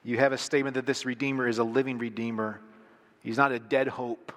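A middle-aged man preaches with a bright, forceful voice, pressing hard on single words to drive each point home. He sounds earnest and emphatic throughout. His voice rings out with a long echo through a large church hall. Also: medium pitch, little pitch movement, fairly quick. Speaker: pastor. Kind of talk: sermon.

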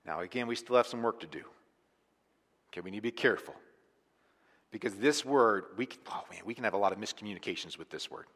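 A man preaching a sermon as pastor, talking conversationally and with emphasis, sometimes falling to a quiet, intense tone. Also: lowish voice, animated, fast talker, long pauses, big-room sound.

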